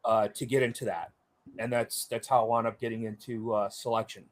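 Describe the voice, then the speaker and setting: A man's voice: medium pitch, little pitch movement, a little fast. Rambling man telling service stories. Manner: rambling, many fillers, voices others in quotes. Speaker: Marine veteran guest. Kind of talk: casual storytelling in an interview.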